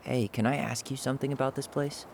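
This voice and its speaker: An actor playing an earnest, curious young man in a video game, with a soft-spoken, considerate manner. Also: medium pitch, steady tone, fast, vocal fry, a little hiss or hum, natural voice. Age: young adult. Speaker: game character.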